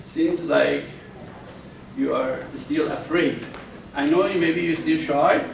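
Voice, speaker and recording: Slow, high-voiced male teacher in an echoey room. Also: gravelly, a little hiss or hum. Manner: slow, deliberate, stresses key words. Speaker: university teacher. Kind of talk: classroom lecture. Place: classroom. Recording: echoey room, voice far from mic.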